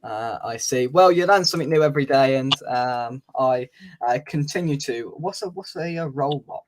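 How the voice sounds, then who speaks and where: A man's voice: mid-range voice, normal speed, background noise. A man hosting a casual fan live stream, chatting, reading out viewer comments and laughing easily. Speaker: fan channel host.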